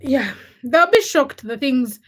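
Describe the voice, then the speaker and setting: A young woman in her twenties hosting a livestream, speaking her opinions in an outspoken, animated way and greeting viewers from the chat. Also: high voice, slow. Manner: outspoken, animated, thinks aloud with restarts. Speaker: livestream host. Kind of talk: casual livestream chat, reading viewer comments.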